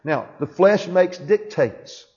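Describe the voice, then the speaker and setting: A male pastor takes his time reading from a book during a church sermon, frequently pausing to ask the congregation "Amen?" His high voice is a little mellow with lively intonation, and the recording is dull and lo-fi.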